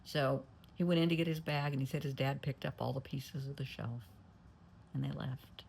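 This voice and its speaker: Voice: mid-range voice, fairly even intonation, moderate pace, creaky, a little mellow, slight background noise. A therapist retelling a client's story, getting emotional and dropping to a near whisper at times. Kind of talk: telling a story.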